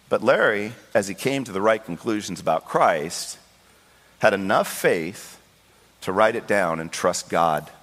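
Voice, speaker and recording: Male pastor, preaching storyteller, acts out quotes, echoing church hall. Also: mid-range voice. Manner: storytelling with lively voiced quotes. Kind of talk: sermon. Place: church sanctuary. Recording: long hall reverb.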